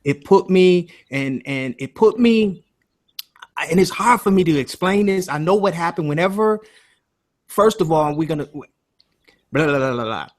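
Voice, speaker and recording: A man's voice: on the high side, expressive, moderate pace. A man hosting a casual call-in talk show, speaking emotionally and swearing freely. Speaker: host.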